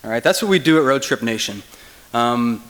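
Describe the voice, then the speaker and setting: A man's voice: medium pitch, lively intonation, brisk, a bit bright. A young man from Kentucky giving a casual keynote speech to an audience, loose and chatty with many ums and likes. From Kentucky, USA. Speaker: keynote speaker. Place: large hall. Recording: long reverb of a big hall.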